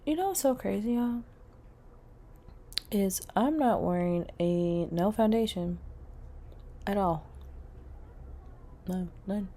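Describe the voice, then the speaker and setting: A woman in her thirties giving a casual comedic rant to camera, blunt and profane, jumping from loud outbursts to hushed asides and stretching words out for emphasis. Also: medium pitch. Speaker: vlogger.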